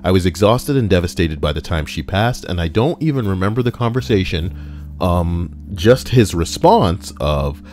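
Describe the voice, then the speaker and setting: Deep-voiced man reading posts with crude jokes. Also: expressive, moderate pace, a little mellow, a little hiss or hum. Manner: crude, joking asides between readings. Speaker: streamer reading online posts. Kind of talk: casual livestream reading.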